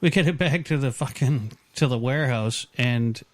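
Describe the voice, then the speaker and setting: A man's voice: medium pitch, moderate pace, no room sound. Crude joking man, dry sound. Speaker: podcast host. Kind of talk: casual banter.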